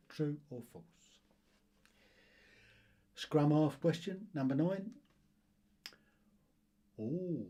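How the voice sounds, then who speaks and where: A man hosting a casual quiz video, chuckling often and reading the questions out slowly. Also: mid-range voice, expressive, dark tone. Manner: chuckling, self-deprecating, reads questions slowly. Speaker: quiz host.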